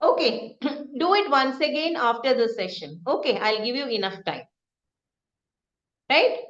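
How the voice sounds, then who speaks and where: High-voiced woman teaching a lively class. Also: unhurried, roomy sound, lo-fi sound. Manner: lively, asks the group questions, acts out example sentences. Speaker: speaking coach. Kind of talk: interactive online teaching session.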